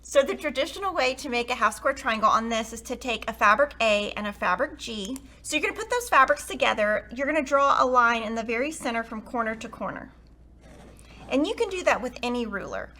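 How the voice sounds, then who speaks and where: A woman with a bright, somewhat high voice leads a sewing tutorial. She chats along eagerly, explaining fabrics and steps in a friendly, upbeat tutorial manner. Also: lively intonation, a little fast. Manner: chatty, warm, enthusiastic explaining. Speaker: quilting tutorial host.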